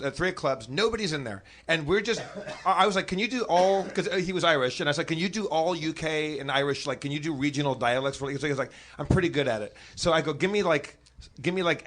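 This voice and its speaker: A man guesting on a live comedy podcast, telling animated, profane anecdotes full of stumbling restarts. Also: medium pitch. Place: stage before a live audience.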